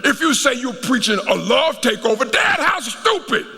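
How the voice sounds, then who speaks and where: A man preaching as he acts out his teenage daughter scolding her father with indignant, rapid-fire questions. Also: a little high, big pitch swings, a bit bright, pitched below the performer's own voice, exaggerated voice. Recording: reverberant hall.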